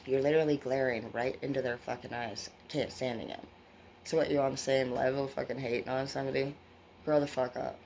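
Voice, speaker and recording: A woman's voice: a bass voice, fairly even intonation, fairly quick, vocal fry, darkish tone, slight background noise. A woman with grown children giving a casual tarot reading to her viewers, rambling, blunt and full of swearing. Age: adult with children. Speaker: tarot reader.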